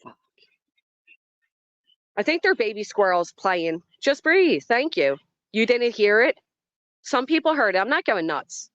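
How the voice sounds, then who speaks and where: A woman's voice: medium pitch, very animated, measured pace, pauses often, a bit bright, no room sound, dull audio. A woman hosting a casual livestream outdoors, dramatic and talking straight to her chat. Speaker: livestream host. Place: outdoors in a yard by trees.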